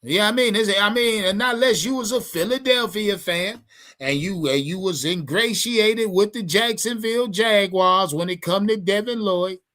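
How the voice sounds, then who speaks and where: A man's voice: sits high, moderate pace, a bit bright. A man ranting to his livestream chat about his football team, heated and profane, repeating himself as he talks. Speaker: sports fan streamer. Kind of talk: profane livestream sports rant.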